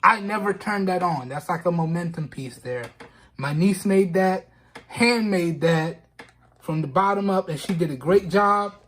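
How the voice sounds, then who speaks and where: This product-review vlogger speaks at a measured pace in a high-pitched, fairly bright voice. He's trying not to cry during an unboxing, chatting casually, repeating himself, and leaning on "man" and "y'all."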